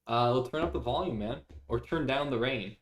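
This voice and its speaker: A man's voice: mid-range voice, a little fast. A young man streaming live, chatting casually with viewers, reading their messages aloud and laughing often.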